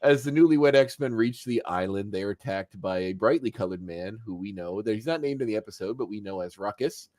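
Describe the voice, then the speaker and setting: A man's voice: fairly low pitch, brisk, few pauses, no echo, clean studio sound. Chatty man recapping a cartoon episode. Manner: animated storyteller who acts out quotes and chuckles. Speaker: podcast host. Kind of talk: casual podcast chat recapping a cartoon.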